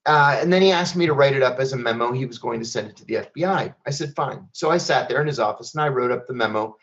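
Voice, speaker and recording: A middle-aged American man calmly telling a first-person story in a measured, plainspoken way, as a guest speaker at an online event. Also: mid-range voice, lo-fi sound. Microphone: online event stream.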